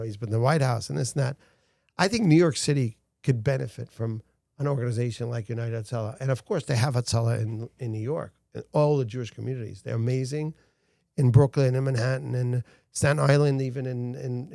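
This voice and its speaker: Gravelly, mellow-voiced man telling stories. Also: medium pitch, no room sound, studio quality. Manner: earnest storytelling, frequent restarts. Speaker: guest, founder of a rescue organization. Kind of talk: casual interview talk.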